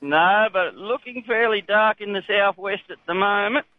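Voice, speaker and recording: A man's voice: sits high, moderate pace, no room sound. A laconic Australian man calling in to a radio talk show, chatting casually. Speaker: caller, farm machinery driver. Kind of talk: phone-in chat. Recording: tinny phone line.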